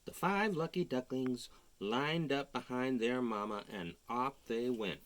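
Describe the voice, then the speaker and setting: A man reading a picture book aloud to young children in a gentle, chatty way, with playful ad-libbed asides. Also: mid-range voice, measured pace. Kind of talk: storybook read-aloud for children.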